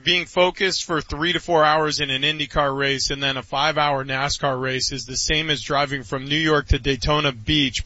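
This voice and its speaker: A man's voice: on the high side, bright, forceful tone, dry recording. A man co-hosting a sports talk show, commenting earnestly. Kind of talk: casual sports chat. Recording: dull lo-fi dry sound.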